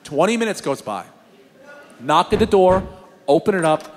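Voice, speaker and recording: A young adult man doing stand-up, telling his story in an animated, exasperated way. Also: high voice, moderate pace. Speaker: stand-up comedian. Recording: live comedy club with crowd and noise.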